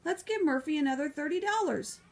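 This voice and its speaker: A woman's voice: high voice, expressive, a little fast, darkish tone, pitched above the performer's own voice. A woman voicing a fretful small-town male mayor with a mournful, wheedling manner. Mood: worried.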